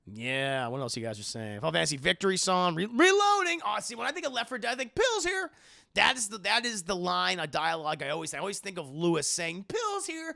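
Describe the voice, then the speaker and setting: A man chatting casually on a livestream, swearing freely and loudly imitating game lines. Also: a little high, fast talker, gravelly, few pauses, dry recording, clean studio sound. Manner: profane, animated, quoting game lines in loud voices. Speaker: streamer answering viewer questions.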